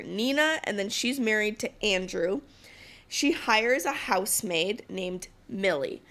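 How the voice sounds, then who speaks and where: A woman hosts a podcast and recaps a TV show in a chatty, gossipy way. She talks at a mid pitch, leaning on fillers as she goes. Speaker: podcast host.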